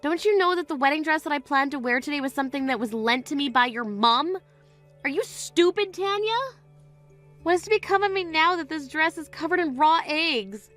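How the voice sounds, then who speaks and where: An indignant young bride , voiced by a woman, speaks in a high voice, firm and cutting. Faint music sits under her lines. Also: lively intonation, fairly quick, a bit bright. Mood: upset. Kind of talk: voiced text-story drama.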